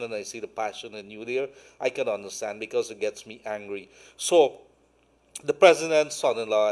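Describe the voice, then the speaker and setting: A man's voice: mid-range voice, a little mellow. A man hosting a talk show, speaking in a rambling, hesitant way with many fillers. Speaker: host, senior journalist.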